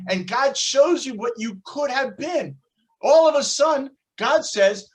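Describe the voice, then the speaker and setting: A man teaching a Torah class, telling a religious story in an animated way and shifting his voice for the quotes. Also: very high voice, measured pace, rough recording. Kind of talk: religious lesson with dramatic storytelling.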